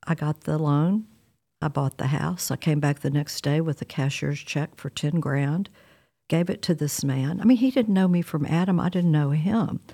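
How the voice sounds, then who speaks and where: Gravelly low-voiced woman. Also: normal speed. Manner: candid, wry, animated retelling with quoted dialogue. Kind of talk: personal storytelling.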